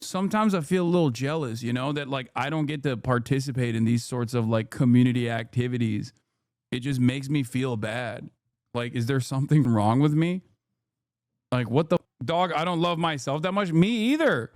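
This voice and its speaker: A man hosts a live reaction stream, trading sarcastic jokes in a relaxed, chatty way. His voice sits at an ordinary middle pitch. The sound is close and dry, with no room echo. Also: normal speed. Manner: sarcastic, joking. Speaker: streamer host.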